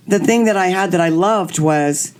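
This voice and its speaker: A middle-aged woman hosting a podcast, telling candid personal stories in an animated way and acting out the voices of people she quotes. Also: on the low side, moderate pace. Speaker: podcast host. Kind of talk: candid storytelling chat.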